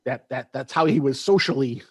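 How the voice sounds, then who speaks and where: A man's voice: medium pitch, darkish tone, breathy edge, dry recording. A man moderates a panel from a dry, close-sounding spot on a video call. He halts often and stretches out his uhs, and he drops in joking asides. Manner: halting, drawn-out fillers, joking asides. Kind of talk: convention panel discussion.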